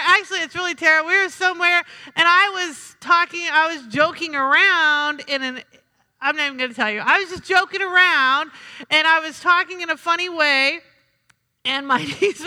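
High, bright-voiced woman preaching. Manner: conversational, humorous preaching with call-and-response. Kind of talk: sermon. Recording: reverberant hall.

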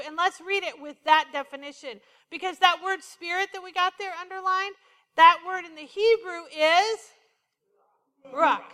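A woman's voice: very high voice, pushed and bright, in a large hall. A woman preaching a sermon, playful and full of questions to the congregation.

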